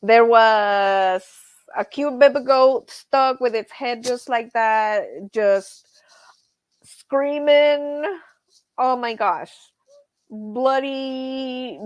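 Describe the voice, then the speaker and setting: A woman hosting a live stream, somewhat high-voiced and chatty, telling animated stories to her viewers and laughing as she goes. The sound is dry and close-miked with almost no room echo. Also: muffled recording. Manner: animated storyteller, says y'all, laughs often. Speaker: livestream host. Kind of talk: casual live-stream chat.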